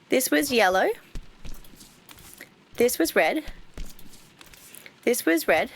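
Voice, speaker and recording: A woman's voice: fairly high pitch, lively intonation, slow pace, pauses often, fairly bright tone. A woman streamer chatting casually while playing a game, reading its text aloud with playful asides.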